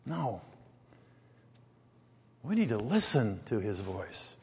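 A man preaching a conversational sermon, asking rhetorical questions and dropping quiet before lifting his voice again. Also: fairly low pitch, big pitch swings, takes it slowly, pauses often, breathy edge. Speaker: pastor. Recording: long hall reverb.

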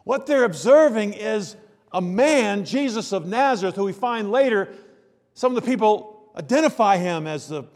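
High-voiced preacher in a reverberant hall. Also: male voice, expressive, moderate pace, darkish tone. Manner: conversational preaching with rhetorical questions, rising to emphatic bursts. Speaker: pastor. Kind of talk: sermon.

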